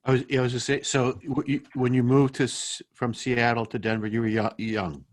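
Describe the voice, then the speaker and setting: A man's voice: medium pitch, little pitch movement, a little fast. Man asking hesitant, encouraging questions. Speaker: interviewer. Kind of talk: oral history interview.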